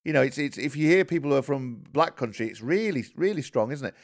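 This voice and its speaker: Halting Yorkshire man hosting a podcast. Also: medium pitch, animated. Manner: halting, stumbling starts. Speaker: podcast host. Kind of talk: casual chat and show hosting.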